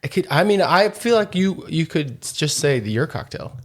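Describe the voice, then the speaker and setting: A man's voice: on the high side, sing-song, moderate pace. Dry, teasing man co-hosting a podcast. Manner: dry, teasing, steers the talk. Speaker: podcast co-host. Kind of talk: casual chat.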